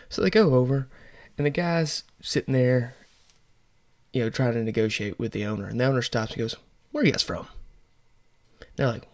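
A man's voice: mid-range voice, moderate pace, pauses often, dry recording. A man hosting a casual podcast about toys, telling a joke and chatting playfully with listeners. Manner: jokey, self-deprecating, playful asides. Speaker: podcast host. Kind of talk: casual joke-telling and toy news chat.

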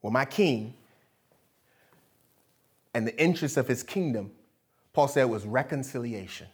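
A man preaching a sermon in a lively, conversational way, with laughs and asides. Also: mid-range voice, unhurried, breathy edge. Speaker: pastor.

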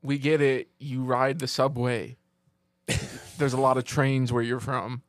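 A man in casual podcast banter, teasing others with quick quips. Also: medium pitch, flat delivery, dry recording.

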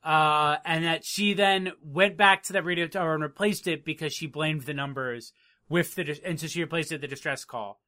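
A man's voice: on the high side, a little fast, bright, forceful tone. A young man chatting casually, recapping a TV episode in a rambling, laid-back way and swearing offhandedly.

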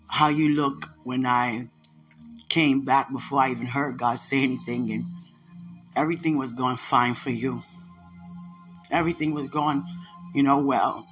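A man hosting a podcast, speaking an emotional spiritual monologue in a halting way, often repeating himself and sighing. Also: medium pitch, fairly bright tone. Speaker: podcast host.

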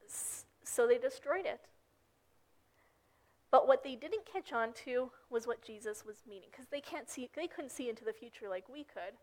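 A woman's voice: fairly high pitch, expressive, normal speed. Young woman preaching, storytelling voice. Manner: storytelling, acts out characters' lines. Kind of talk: casual sermon.

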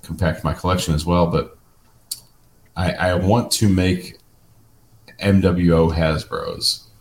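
A man's voice: sits low, steady tone, takes it slowly, reverberant. A man co-hosting a casual chat, enthusiastic and playful.

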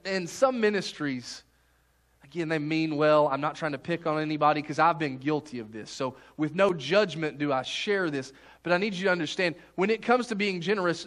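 A man's voice: on the high side, fairly bright tone. A man preaching a sermon as pastor, in a folksy, conversational way with many restarts.

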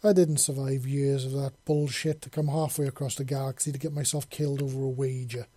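A man puts on a gruff old space fisherman, stern and boastful, pitched up high and loud above his own voice. He sounds husky and mellow, recorded dry and close. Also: moderate pace, dry recording. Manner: stern, boastful, calls her lassie.

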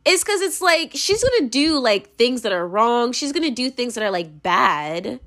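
Animated young woman ranting casually. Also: fairly high pitch, moderate pace. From United States. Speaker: commentator. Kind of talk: casual opinion monologue.

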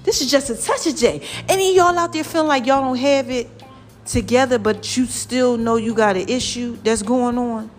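Lively, preachy woman vlogger, higher voice. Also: moderate pace, faint music behind. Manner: lively and preachy, calls viewers "child" and "y'all". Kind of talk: casual motivational talk to viewers.

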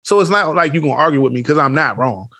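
Man, podcast co-host, rapid talker, slightly high voice, animated storytelling, slang, dry close sound. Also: no echo. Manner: animated storytelling, acts out quotes, heavy slang and swearing. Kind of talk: casual chat.

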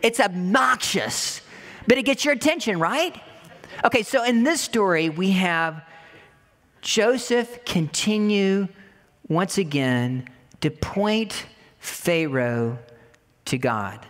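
A woman delivers a sermon in a loose, conversational manner, leaning on repetition and rhetorical questions to drive her points home. Her voice sits at a middling pitch, and it rings out with the long reverb of a church sanctuary. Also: lively intonation, takes it slowly, pauses often. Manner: conversational, repeats words for emphasis, rhetorical questions. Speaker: preacher.

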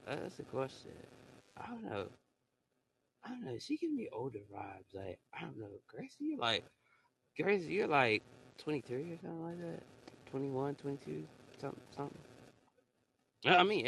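A young man hosts a casual live chat, rambling and slangy, circling back over his own words. His pitch swings widely as he talks. His tone is bright and forward. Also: gravelly, slight background noise, low-quality recording. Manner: rambling, slangy, repeats himself. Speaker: podcast host on live audio stage.

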